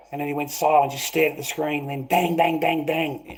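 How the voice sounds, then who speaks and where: A man's voice: on the high side, little pitch movement, brisk, few pauses. A middle-aged man, ranting aggressively and swearing repeatedly on a live stream. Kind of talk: confrontational live stream rant.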